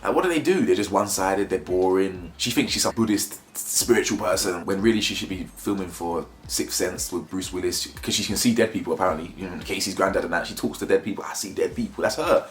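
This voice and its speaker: A man's voice: sits low, fast talker, hardly any pauses, reverberant. A man giving a blunt, mocking, slangy review of a reality show in casual commentary.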